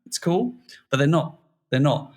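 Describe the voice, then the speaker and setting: A man with a British accent, a toy designer chatting casually as a guest on a podcast, lively and self-deprecating. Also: fairly high pitch, a little slow. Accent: British English.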